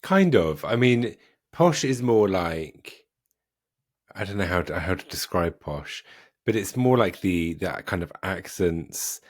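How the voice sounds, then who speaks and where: A southern English man hosting a podcast, relaxed and self-deprecating. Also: deep voice, slow pace, dry recording, studio quality. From Wiltshire, England. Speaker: podcast host. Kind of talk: casual podcast chat.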